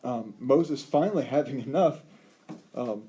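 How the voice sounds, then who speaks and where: Very dark-voiced man teaching scripture. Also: mid-range voice, a little slow. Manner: animated, emphatic, with rhetorical questions and frequent ums. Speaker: Bible teacher. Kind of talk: Bible study lecture.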